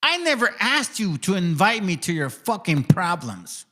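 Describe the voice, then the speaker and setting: A man hosts his channel in a heated, profane rant aimed straight at people. His voice sits fairly high and ranges widely as he talks. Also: huge pitch swings, normal speed, bright, forceful tone. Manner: confrontational, profane, addresses people directly. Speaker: channel host. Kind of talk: ranting monologue.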